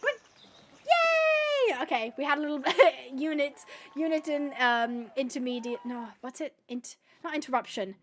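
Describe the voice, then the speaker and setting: Chatty high-voiced woman streamer. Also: fairly even intonation, normal speed, a little hiss or hum. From United Kingdom. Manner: chatty, bubbly, reads out and answers chat. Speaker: gaming livestream host. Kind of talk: casual live-stream chat with viewers. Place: at home.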